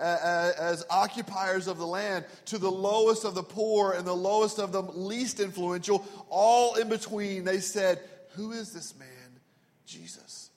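A man preaching a sermon as pastor, telling stories and dropping to a hushed voice for quoted words. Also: high-pitched. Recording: long reverb of a large hall.

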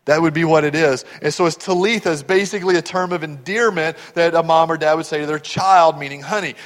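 A man's voice: a little high, quick pace. Man preaching in a reverberant hall. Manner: swings from hushed, tender asides to loud, rising build-ups. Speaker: pastor. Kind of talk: sermon.

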